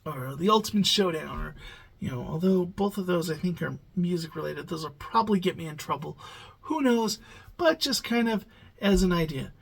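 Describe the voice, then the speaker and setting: Reaction channel host, tired late-night ramble, lots of "ums", creaky low-energy delivery. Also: expressive, moderate pace, rough recording. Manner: rambling, hesitant, many fillers. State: sleepy, yawning. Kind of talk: casual late-night vlog talk.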